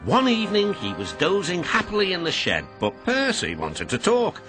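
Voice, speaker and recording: A British man narrating a children's story in a very animated, expressive way over background music. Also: sits high, moderate pace, few pauses, husky.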